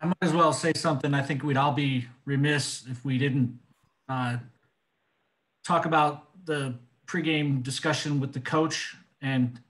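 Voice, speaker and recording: A man, a lacrosse official, calmly adding a point to a casual instructional discussion. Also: a little high, rough recording.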